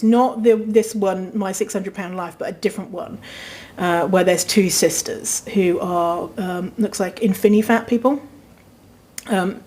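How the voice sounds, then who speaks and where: Woman podcast host, casual rambling chat, fillers and swearing, mid-pitched voice. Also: darkish tone. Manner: chatty, rambling, swears freely, frequent fillers. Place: rented apartment during quarantine.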